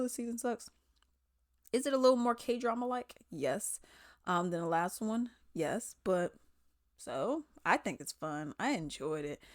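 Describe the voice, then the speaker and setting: A woman vlogger giving her opinions in a casual, animated commentary with slangy, drawling speech. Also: medium pitch, no room sound, clean studio sound.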